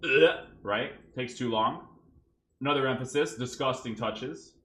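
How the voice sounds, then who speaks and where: This gaming YouTuber, commentating on his own gameplay, has a mid-range, fairly bright voice and speaks a little slowly. He sounds exasperated and rants, frequently adding "right?", and the echoey recording carries a little hiss or hum.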